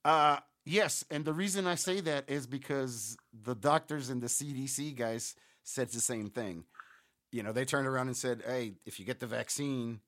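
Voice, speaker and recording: A man co-hosting a podcast who argues his point in halting, repeated restarts during casual banter. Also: mid-range voice, a bit bright. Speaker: podcast co-host.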